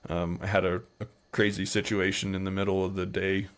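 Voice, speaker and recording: Low-voiced Utah man telling long stories. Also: fairly quick, smooth. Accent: American, Utah. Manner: relaxed, rambling anecdotes with playful quoted voices. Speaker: podcast guest. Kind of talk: casual storytelling interview.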